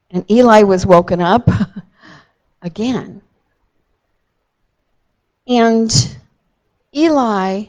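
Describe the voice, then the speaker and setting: Slow, gentle woman storyteller. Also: mid-range voice, low-quality recording. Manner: gentle, slow, with dramatic emphasis. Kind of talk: telling a Bible story to a child.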